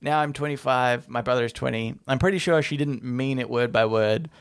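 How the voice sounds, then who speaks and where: Gravelly young man rambling on a podcast. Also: mid-range voice, fairly quick. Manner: rambling, giggly, lots of fillers. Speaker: podcast co-host. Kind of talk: casual chat.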